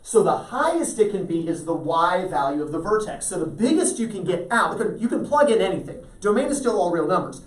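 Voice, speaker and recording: A man's voice: high-pitched, very animated, fairly quick, few pauses. A man teaching a math class, talking through problems and often checking whether students follow. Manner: asks the class frequent check-in questions. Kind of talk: classroom lecture. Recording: roomy echo, voice from far off.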